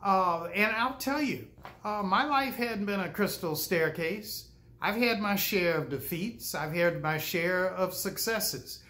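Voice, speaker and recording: An older man, a pastor, telling stories in a sermon with a folksy manner, pausing often and acting out quoted speech. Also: sits high, expressive, pushed and bright. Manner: folksy, with frequent "uh" pauses and acted-out quotes. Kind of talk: storytelling sermon.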